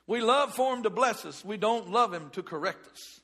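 A man preaching a sermon, animated, swinging from loud outbursts to hushed asides. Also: sits high, normal speed, few pauses.

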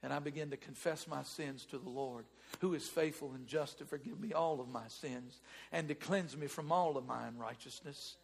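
Husky, high-voiced man preaching. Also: moderate pace. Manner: animated, swings from loud to hushed. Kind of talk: sermon.

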